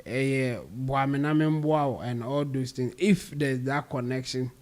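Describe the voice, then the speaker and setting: A man with a Ghanaian accent, speaking haltingly on a talk-show panel. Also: medium pitch, fairly even intonation, darkish tone. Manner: halting, mixing English and Twi. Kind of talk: casual panel chat.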